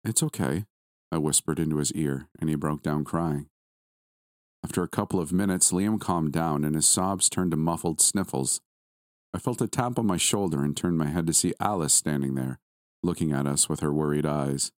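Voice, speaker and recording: A man with a very deep, low voice tells a first-person horror story. He reads at a calm, measured pace, close on a dry, dead mic. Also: no room sound. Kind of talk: first-person scripted narration.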